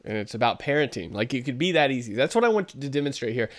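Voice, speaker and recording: A man's voice: medium pitch, expressive, quick pace. Conversational man reviewing a sermon. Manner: conversational, critical, frequent fillers. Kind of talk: video commentary.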